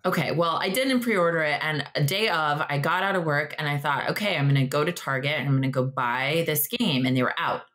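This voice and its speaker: A young woman chatting on a podcast, her voice sitting a little low. She tells stories with energy, acts out the quotes, and her pitch jumps up when she gets excited. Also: fairly quick, few pauses. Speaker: podcast co-host. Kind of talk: casual chat.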